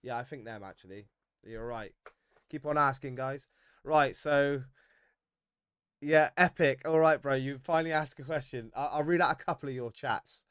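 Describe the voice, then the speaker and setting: A man's voice: mid-range voice, normal speed, clean tone, dry recording. Chatty man, dry close mic. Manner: animated, banter-filled, laughs often. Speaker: football fan livestream host. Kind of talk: casual livestream chat, reading viewer comments.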